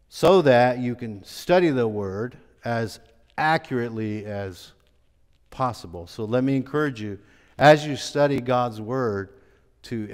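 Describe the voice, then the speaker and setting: A male pastor delivering a sermon at a slow, unhurried pace, explaining scripture in a relaxed, conversational way with plenty of fillers and restarts. His mid-range voice rings out in a church sanctuary with a long reverb trailing behind each phrase. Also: mid-range voice.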